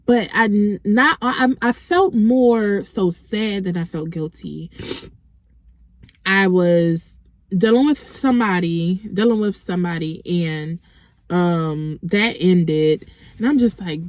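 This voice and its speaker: A woman vlogger telling a personal faith testimony in a halting, reflective way, with frequent restarts. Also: mid-range voice, no echo, studio quality.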